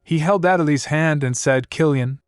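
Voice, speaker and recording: A man reading a scripted story recap in a flat, even, somewhat stiff way. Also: mid-range voice, moderate pace, dry recording, studio quality, faint music behind. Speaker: narrator. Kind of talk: scripted manhwa recap narration.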